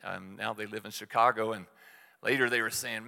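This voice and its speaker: A middle-aged man delivers a sermon in a relaxed, conversational storytelling way, poking fun at his own mistakes. His voice is bright and forceful. The recording carries the long reverb of a large hall. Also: fairly low pitch, normal speed, vocal fry. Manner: conversational storytelling with self-deprecating humor. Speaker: church speaker.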